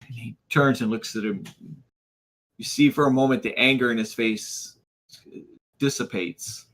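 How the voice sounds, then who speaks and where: A man narrating as game master of a tabletop game, hesitant with many pauses. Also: mid-range voice, fairly bright tone, poor audio. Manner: hesitant, full of ums.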